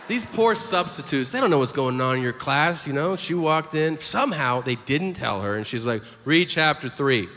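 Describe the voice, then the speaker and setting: A male stand-up comedian in his forties, telling stories with a lively, swooping, fairly high voice and breaking into shrill character outbursts. He is recorded live on stage, the sound ringing with long hall reverb over constant room noise. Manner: animated storytelling, acts out characters with sudden high-pitched outbursts. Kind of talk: stand-up routine. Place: large comedy venue with audience.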